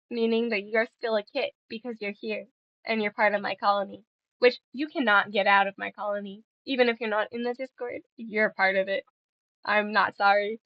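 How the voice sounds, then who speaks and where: Young woman chatting w her stream, giggly and playful, kinda high voice, dry muffled mic. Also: no room sound. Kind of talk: casual chat with viewers.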